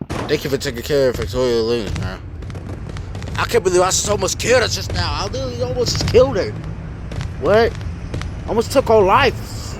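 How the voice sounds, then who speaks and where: A man's voice: high-pitched, expressive, fairly quick, pauses often, a little hiss or hum, rough recording. Sex: man. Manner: stammering, distraught. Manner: stammering and distraught, repeating himself. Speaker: storyteller voicing his main wrestler character. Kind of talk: amateur game-story voice acting.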